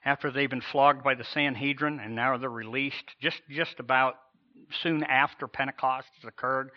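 A man preaching a sermon in an ordinary middle register, stretching key words with slow pauses and swelling up for emphasis. The recording sounds a little muffled and lo-fi. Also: mid-range voice. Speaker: pastor.

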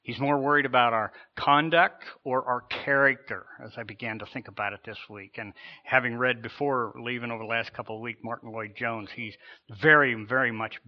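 A man preaches a sermon in an earnest, searching way, often stumbling and repeating words as he restarts. His voice sits at an ordinary middle pitch. The recording sounds dull and lo-fi. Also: fairly even intonation, a little fast. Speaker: pastor.

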